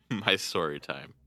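A Midwestern American man with a very low voice that cuts through with a sharp, bright edge. He jokes and teases his co-host in loose podcast chatter. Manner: teasing, joking banter. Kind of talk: casual chat.

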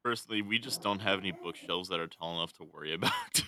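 A man's voice: low voice, quick pace, sharp tone, slight background noise. A man co-hosting a podcast in casual chat, laid-back and wry, talking into a phone. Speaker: podcast co-host.

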